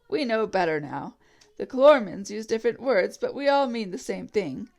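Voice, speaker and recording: A woman reading a storybook aloud, voicing a scheming, bullying old male ape with a sneering, scornful manner. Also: fairly high pitch.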